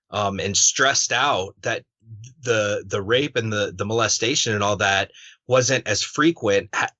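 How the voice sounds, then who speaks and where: Bright-voiced, blunt male podcast host. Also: on the low side, no echo. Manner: casual and blunt, swears freely, filler-heavy questions. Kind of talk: casual interview. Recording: dull, muffled dry recording.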